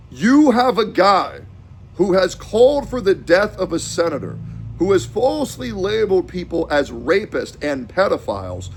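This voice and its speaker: A young adult man streaming a heated, profane rant, swinging between shouting and low muttering. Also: vocal fry, a little hiss or hum.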